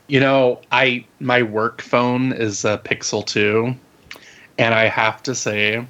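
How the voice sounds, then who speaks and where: A man with a mid-pitched voice joins a casual tech chat. He chimes in bluntly and offhand. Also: level tone, slow pace, sharp tone, lo-fi sound.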